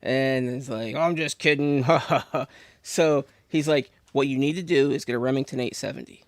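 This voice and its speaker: A man from Pennsylvania telling a rambling, animated story as a podcast guest, full of restarts. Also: mid-range voice, moderate pace, no echo. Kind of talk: casual storytelling.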